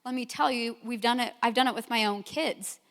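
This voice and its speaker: A woman's voice: a little high, brisk, a bit bright. A middle-aged woman giving a sermon, telling candid stories about her own life and acting out her own reactions. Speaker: speaker at a church gathering. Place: church sanctuary. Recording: long hall reverb.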